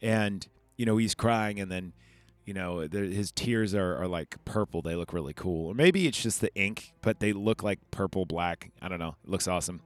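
Faint music plays behind a low-pitched man speaking at normal speed as he hosts a podcast film review. He recaps the movie chattily and rambles with fillers and asides, with no room sound on his podcast mic.

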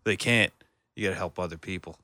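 A man's voice: low voice, fast, bright, forceful tone, no room sound. A man in casual chat, laid-back, chiming in with short reactions and swearing.

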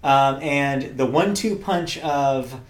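A man's voice: medium pitch, slow. Chatty man in an echoey room. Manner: chatty, upbeat, laughs easily, frequent fillers. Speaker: podcast host. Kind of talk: casual movie podcast chat.

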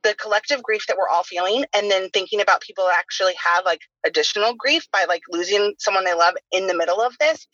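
A woman's voice: mid-range voice, quick pace, hardly any pauses, fairly bright tone, dry recording. A woman in her thirties hosting a casual podcast chat, talking freely and filling her sentences with "like". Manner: chatty, heavy use of "like" fillers. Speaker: podcast host. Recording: dull lo-fi sound.

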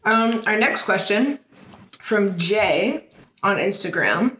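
A woman in her thirties co-hosting a casual podcast chat, telling stories in an animated, joking way. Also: mid-range voice, slow pace. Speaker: podcast co-host. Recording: echoey room with faint noise.

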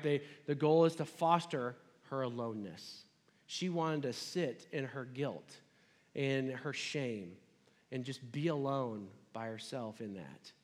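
A man's voice: a little high, long reverb tail. A man preaching a sermon in a conversational, casual way, retelling a scripture story.

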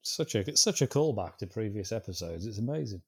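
A man's voice: lowish voice, lively intonation, fairly quick, breathy edge. A man co-hosting a film podcast, trading wry, laid-back banter with his co-host. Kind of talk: casual chat.

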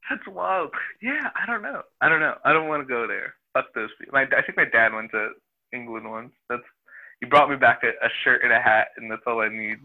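A man's voice: medium pitch, lively intonation, brisk. A man from New Jersey, co-hosting a casual chat over the phone, laughing and swearing as he rambles. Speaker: podcast co-host. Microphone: phone call. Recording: dull lo-fi phone sound.

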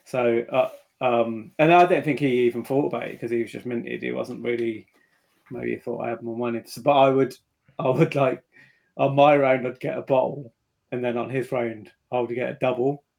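A man co-hosting a podcast in casual chat, talking hesitantly with many pauses and restarts. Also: medium pitch, steady tone, gravelly, darkish tone. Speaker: podcast co-host.

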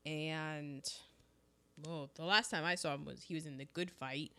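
A woman co-hosting a casual chat about films, talking emphatically and jumping up in pitch when excited. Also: unhurried.

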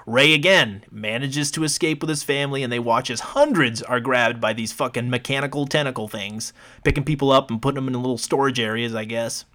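A man's voice: mid-range voice, brisk, fairly bright tone. Laughing man recapping a movie. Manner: profane, laughs often, recaps plot with acted quotes. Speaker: podcast co-host. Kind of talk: casual movie recap chat.

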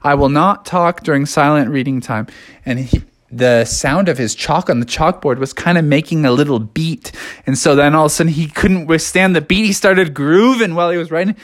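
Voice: medium pitch, normal speed. A storyteller reading a children's storybook aloud in a playful, casual way. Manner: playful, animated, casual phrasing.

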